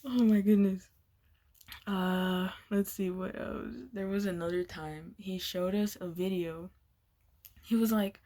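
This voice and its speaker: A woman's voice: medium pitch, steady tone, measured pace, warm tone. A young woman vlogger telling a casual storytime, laughing often and swearing as she rambles. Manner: giggly, swears a lot, loose and rambling.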